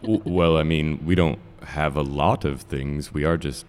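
A man's voice: very deep voice, fairly even intonation, measured pace, darkish tone, smooth, big-room sound. A man voicing a groggy, dim-witted male goblin who pleads and drawls. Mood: wheedling.

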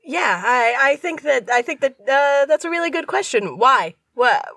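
A woman's voice: sits high, expressive, moderate pace, bright, forceful tone. A woman playing in a tabletop game, talking in an earnest, rambling way. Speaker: player. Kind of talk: tabletop role-play.

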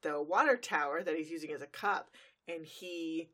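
Lady podcaster rambling thru a plot recap, lowish voice, lots of uhs. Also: normal speed, sharp tone. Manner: recaps plot in long run-on narration with fillers. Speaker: podcast co-host recapping an episode. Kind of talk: casual chat.

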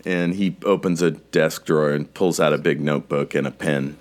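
A man's voice: a bass voice, fairly even intonation, normal speed, few pauses. A man narrating a tabletop game as game master, casual and rambling with many fillers.

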